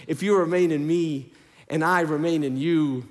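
A man preaching a sermon, with a repeating cadence that swings between loud declarations and hushed lines. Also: a little high, normal speed. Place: church sanctuary. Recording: reverberant hall.

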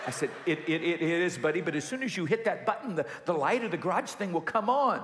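Animated pastor in his thirties, raised pitch, sermon in a reverberant hall. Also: quick pace, a little hiss or hum. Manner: animated storyteller acting out dialogue. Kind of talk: sermon with personal story. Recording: echoey hall with long reverb.

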